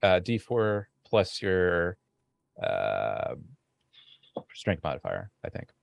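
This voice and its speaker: A man narrating as game master in a tabletop game, relaxed with frequent fillers. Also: low voice, slow pace, gravelly.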